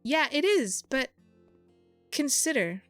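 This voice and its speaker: Woman streamer, lively and exasperated, dry close mic. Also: sits high, takes it slowly, dry recording, faint music behind. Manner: exasperated, thinking aloud, answering chat. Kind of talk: casual live-stream chat while playing.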